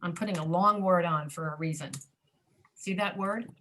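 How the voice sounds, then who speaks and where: A woman with an American accent teaching an online English pronunciation class, patiently repeating words slowly to show where the stress falls. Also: on the low side, fairly bright tone, slight background noise.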